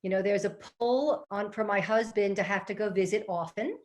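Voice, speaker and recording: A middle-aged woman giving a live webinar from her home office, telling a personal story in a lively, chatty way and speaking directly to her listeners as a professional speaker. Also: medium pitch, normal speed. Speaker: professional speaker and organizing expert. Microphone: computer mic on a live webinar.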